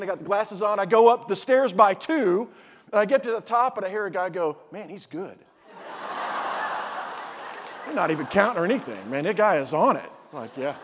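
A middle-aged man preaching a sermon and telling a humorous personal story, acting out the dialogue of each person in it. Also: high-pitched. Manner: animated storyteller, acts out dialogue. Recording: long hall reverb.

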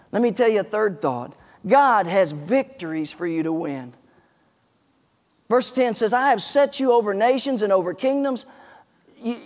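A man in his forties preaching a sermon, telling a story and stressing points emphatically. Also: high voice. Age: 40s. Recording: long reverb in a large hall.

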